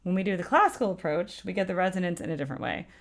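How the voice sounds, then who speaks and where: Animated woman voice coach, lively pitch. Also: rapid-fire, creaky. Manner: animated, demonstrates vocal technique, lots of fillers. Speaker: music reaction host and voice teacher. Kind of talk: casual reaction commentary. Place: home room with a sunlit window.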